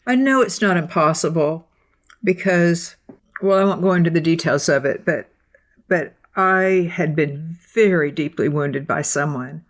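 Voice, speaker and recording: A woman co-hosting a faith podcast, telling a personal story in an animated way and acting out what people said. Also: low voice, unhurried. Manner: animated storytelling, acts out quotes. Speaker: podcast co-host. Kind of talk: casual devotional discussion.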